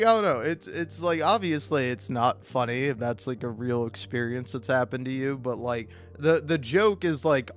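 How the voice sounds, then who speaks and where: An American man talking over a let's play in loose, rambling commentary. He stumbles through fillers and restarts and laughs along the way. Faint music plays under him. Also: mid-range voice. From United States. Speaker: gamer, channel host.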